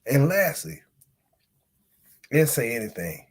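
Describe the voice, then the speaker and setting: Man, podcast host, casual storytelling, lively pitch swings, slightly high voice. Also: a little slow. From United States. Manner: animated, slangy, swings between loud outbursts and low mutters.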